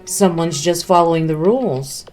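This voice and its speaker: A woman's voice: lowish voice, normal speed, a little mellow, soft background music, close to an everyday voice. A woman voicing a gleeful, sadistic male bear mascot from a video game, in a mocking, sing-song taunting manner.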